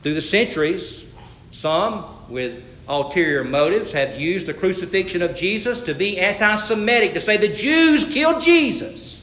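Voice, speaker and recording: Male pastor, sermon delivery, emphatic on scripture, bright tense tone, echoey room. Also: high voice, expressive, moderate pace. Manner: storytelling, rising to emphatic scripture reading.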